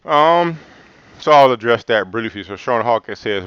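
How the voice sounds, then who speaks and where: A man's voice: lowish voice, normal speed, a bit bright, smooth, dry recording, muffled recording. A man hosting a livestream and answering live comments in a loose, rambling way, laughing often and saying "man" a lot. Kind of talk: casual livestream chat.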